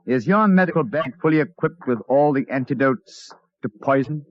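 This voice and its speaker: An actor playing a clipped, precise detective in an old radio drama. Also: male voice, medium pitch, moderate pace, close to an everyday voice. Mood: incisive. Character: brisk, incisive detective Sherlock Holmes, man. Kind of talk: 1940s radio acting. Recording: dull dry old radio broadcast.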